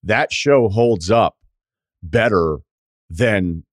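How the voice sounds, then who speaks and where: A man's voice: lowish voice, drawn-out words, no room sound, clean studio sound. A middle-aged man hosting a podcast, chatting casually and giving strong opinions with the odd swear word. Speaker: podcast host. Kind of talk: casual chat.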